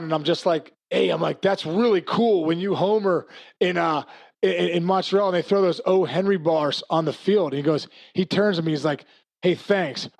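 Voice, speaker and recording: A middle-aged man tells baseball stories in a loose, animated way, tripping over restarts and acting out what people said. His voice is a little raised in pitch and has a gravelly edge. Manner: animated, fast storyteller with restarts and acted-out quotes. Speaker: former baseball player and hitting coach. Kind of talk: casual storytelling interview.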